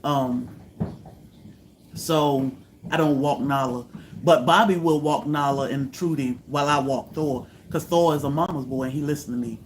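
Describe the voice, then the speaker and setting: A woman, hosting a casual livestream and telling stories in a lively way, jumping up high and loud when she acts out what people said. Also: moderate pace, a little hiss or hum. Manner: animated, acts out quotes with high loud bursts. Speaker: homestead channel host.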